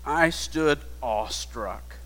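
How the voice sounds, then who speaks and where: Slow-preaching man in a reverberant hall. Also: on the high side, lively intonation. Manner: slow, hushed retelling rising to emphatic preaching. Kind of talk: sermon storytelling.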